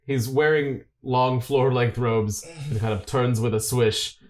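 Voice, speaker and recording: A man's voice: mid-range voice, steady tone, a little slow. A man narrating a science-fiction tabletop game as game master, laid-back.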